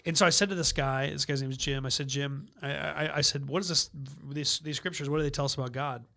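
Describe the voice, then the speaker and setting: A man, a pastor guest on a podcast, telling stories in lively casual conversation with quick asides and easy laughter. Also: fairly high pitch, gravelly. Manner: animated storyteller, quick asides and restarts, laughs easily.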